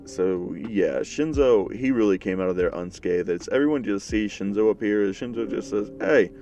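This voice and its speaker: A man's voice: on the low side, normal speed, mellow, recorded from a distance, soft background music. Man rambling through a fan story. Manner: loose, rambling, filler-heavy. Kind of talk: casual fan-story narration.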